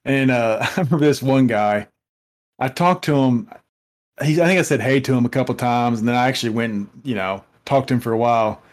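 A man co-hosting a podcast, telling rambling stories in casual chat with lots of restarts. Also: medium pitch. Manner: rambling, halting storyteller. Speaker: podcast co-host.

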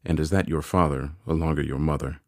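Man doing a gruff, menacing convict. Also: very deep voice, steady tone, brisk, darkish tone, dry recording, studio quality. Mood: interrogating. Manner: gruff, menacing, barking short orders. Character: fearsome escaped male convict, rough and threatening.

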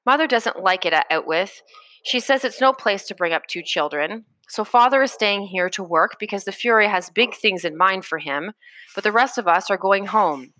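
A woman's voice: mid-range voice, moderate pace, sharp tone, natural voice, poor audio. A woman reading the part of a curious, kind young boy who speaks earnestly and a little hesitantly.

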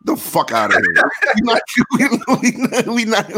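A man's voice: high-pitched, big pitch swings, unhurried, noisy background. A man with a New York accent co-hosting a casual sports podcast, protesting and laughing through profane banter over a remote call. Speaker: podcast co-host.

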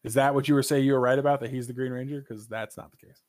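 A man co-hosting a gaming podcast in casual chat, animated and opinionated, swearing freely. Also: mid-range voice, quick pace, dry recording, clean studio sound. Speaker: podcast co-host.

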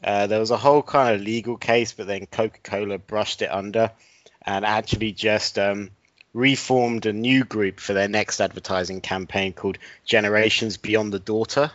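A man with a lowish voice hosts a loose comedy podcast, delivering invented stories with a straight face. The sound is dry and close, with a slightly dull, lo-fi tone. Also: normal speed, no room sound. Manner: deadpan absurd storytelling. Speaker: podcast host. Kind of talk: casual comedic chat.

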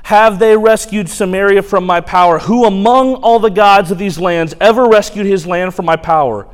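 A swaggering imperial herald hurls loud, mocking threats at a city's defenders, put on by a man preaching. The voice climbs higher and louder than ordinary talk. A long reverb trails every shouted line. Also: normal speed, clear, resonant tone, close to an everyday voice. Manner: loud, taunting proclamation. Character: arrogant, cocky male royal spokesman of an empire.

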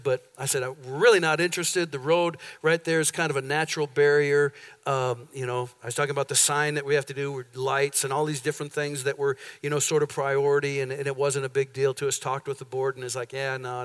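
A man's voice: medium pitch, clean tone. A pastor in a church sanctuary, telling a long story to his congregation in a conversational way, acting out the dialogue as he goes. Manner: conversational, animated retelling with quoted dialogue. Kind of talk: sermon storytelling.

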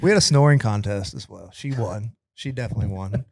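A man joining the podcast chat with joking, deadpan one-liners. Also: lowish voice, fast talker, vocal fry. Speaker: podcast guest. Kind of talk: casual banter.

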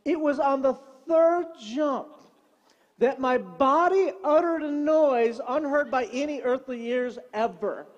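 Pastor guy cracking jokes in his sermon, lively storyteller, middle-aged. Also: very high-pitched, slow pace, highs cut off. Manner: animated, comic, preacherly.

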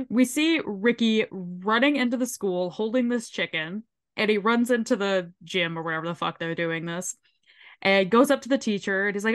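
A woman's voice: mid-range voice, normal speed. A young adult woman co-hosting a podcast, casually recapping an episode with lots of swearing and laughter. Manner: swearing, laughing, animated retelling. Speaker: podcast co-host.

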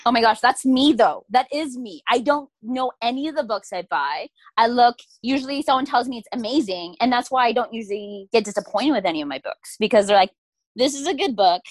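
A young woman talking books with a friend in a relaxed, animated way, often slipping into quoted voices and laughing. Her voice sits a little high. The sound is close and dry. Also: brisk, hardly any pauses, dry recording. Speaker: podcast co-host. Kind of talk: casual chat about books.

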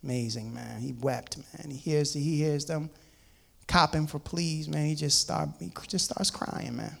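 A man with a fairly high, gravelly voice preaches a sermon at an unhurried pace with fairly even intonation. He reads scripture aloud and explains it to his listeners, repeating words, restarting, and calling them "man."

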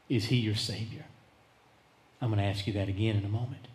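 A male pastor preaching a sermon, dramatic, swinging between loud emphasis and hushed tones. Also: lowish voice, a little fast, long pauses. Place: church sanctuary. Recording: echoey church sanctuary.

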